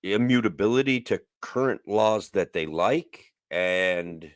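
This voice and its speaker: A man's voice: fairly low pitch, slow pace, no echo, clean studio sound. A man co-hosting a casual political discussion, joking and sarcastic. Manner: sarcastic, joking, lively delivery. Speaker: co-host.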